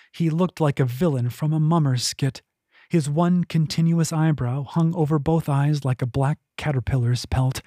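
A man reading his own fantasy novel aloud in steady, measured audiobook narration. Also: a little high, no room sound, clean studio sound.

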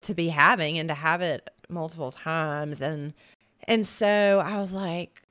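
A woman's voice: low voice, moderate pace, a bit bright, no echo. A woman guest on a faith podcast, telling a personal story in a chatty way with many restarts. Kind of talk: casual faith conversation.

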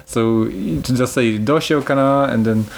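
A man's voice: medium pitch, unhurried, gravelly, slight background noise. A man hosting a casual travel podcast, explaining things in a chatty way and laughing easily. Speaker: podcast host.

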